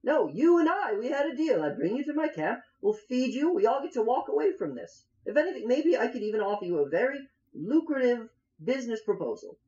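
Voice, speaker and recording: A man's voice: extremely high pitch, sing-song, a little fast, hardly any pauses, warm tone, lo-fi sound, voice pushed up. A man voicing a persuasive male druid leader, insistent and raised. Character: smooth-talking male druid camp leader.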